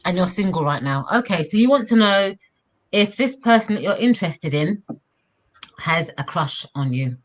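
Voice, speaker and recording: A woman co-hosting a live tarot stream who calmly reads viewer comments aloud and asks viewers follow-up questions. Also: lowish voice, moderate pace. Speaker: tarot reader and co-host.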